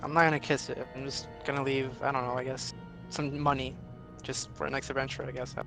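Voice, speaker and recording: A man chatting as a player in a tabletop game, excitable and quick to react. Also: medium pitch, creaky, faint music behind. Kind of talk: casual game chat.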